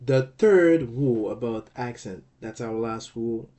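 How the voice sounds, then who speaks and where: A man teaching a grammar lesson, explaining slowly, repeating words and chuckling at his own jokes. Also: mid-range voice, mellow. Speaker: language teacher.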